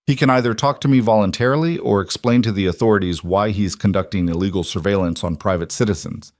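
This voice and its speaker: A man's voice: on the low side, fast talker, dry recording, clean studio sound, close to an everyday voice. A man voicing a determined, guarded single father who talks in clipped, confrontational lines. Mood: firm.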